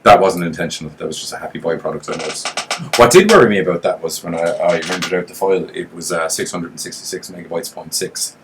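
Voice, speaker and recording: A man's voice: deep voice, quick pace, noisy background. A man co-hosting a horror podcast in casual chat, joking and swearing as he rambles. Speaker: podcast co-host.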